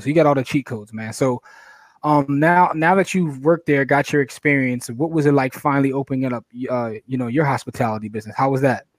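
A man hosting a podcast interview, relaxed and encouraging, repeating the key phrases back. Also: mid-range voice, no echo. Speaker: podcast host. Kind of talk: casual interview.

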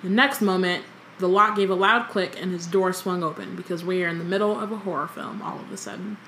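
A woman's voice: fairly low pitch, fairly even intonation, a little fast, a bit bright. Young woman, podcast co-host, reading aloud, chatty asides, faint background noise. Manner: chatty, reads then breaks off into joking commentary with many ums. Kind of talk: casual book-club podcast, reading with asides.

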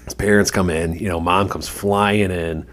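A man's voice: sits low, fairly even intonation, moderate pace, a bit bright. A man co-hosting a podcast, telling a rambling, profane anecdote in casual chat, full of "like" and "you know". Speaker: podcast co-host.

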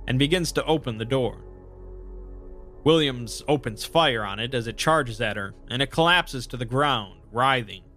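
A young man narrating a horror story in measured, scripted fashion, with brief asides of his own. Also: medium pitch. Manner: calm, measured retelling of horror events with brief personal asides. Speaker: narrator and channel host.

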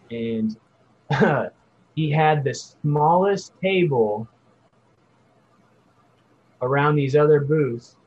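A man's voice: medium pitch, breathy edge. A man casually telling a rambling story, laid-back and swearing freely. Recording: dull lo-fi audio.

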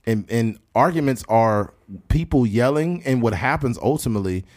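A man co-hosting a casual podcast chat, lively and animated, acting out quotes in high mocking voices. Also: normal speed. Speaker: podcast co-host.

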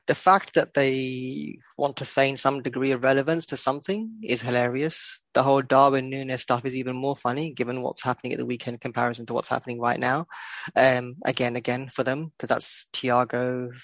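A man's voice: mid-range voice, fairly even intonation, fairly quick, a bit bright, no room sound. A man co-hosting a podcast, talking football in a blunt, sweary way and laughing often. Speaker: podcast co-host. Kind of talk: casual football chat.

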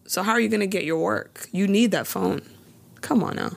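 Woman on a podcast telling the whole episode, lots of gravelly fry, animated. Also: medium pitch, brisk. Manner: animated storytelling, acts out lines in quotes. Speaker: podcast co-host recapping a TV episode. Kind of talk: casual chat.

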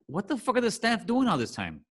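Man, podcast host, bright tense voice, profane probing questions. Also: high-pitched, huge pitch swings, brisk. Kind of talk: casual interview.

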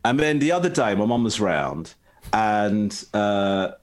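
Middle-aged male co-host, animated, rambling anecdotal delivery. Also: fairly low pitch, unhurried. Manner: rambling storyteller, acts out quoted voices, laughs often. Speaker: podcast co-host. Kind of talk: casual chat.

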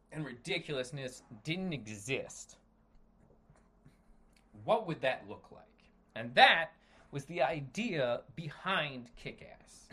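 A man's voice: fairly high pitch, bright, forceful tone. A man from the United States hosting a solo podcast, ranting with lots of swearing and frequent self-corrections. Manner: trails off into self-corrections and restarts. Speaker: podcast host.

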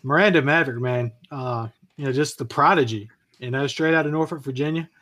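A man's voice: medium pitch, fairly quick, fairly bright tone. A man with a Delmarva accent co-hosting casual fight-betting chat, hyped and bro-ish. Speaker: co-host.

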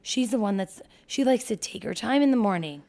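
A woman's voice: medium pitch, fairly quick. A woman in her thirties co-hosting a casual podcast, telling exasperated stories about her kids and swearing freely. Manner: exasperated, animated storytelling with swearing. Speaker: podcast co-host. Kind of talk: casual chat.

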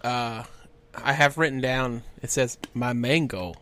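A man's voice: mid-range voice, steady tone, a little slow, a bit bright. A man co-hosting a podcast, chatting casually in a laid-back, teasing way and laughing often. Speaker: podcast co-host. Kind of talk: casual chat.

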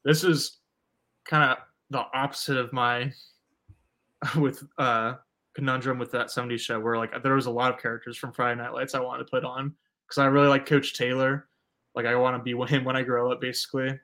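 A man's voice: mid-range voice, level tone, fairly quick, pushed and bright. A man co-hosting a podcast, chatting in a laid-back way with many filler words. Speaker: podcast co-host. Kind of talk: casual chat.

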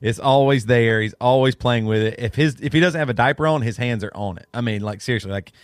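A man in his thirties co-hosting a podcast, telling family stories in a lively way and laughing often. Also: medium pitch, fast, no room sound, clean studio sound. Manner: animated storyteller, laughs often. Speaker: podcast co-host. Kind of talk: casual chat.

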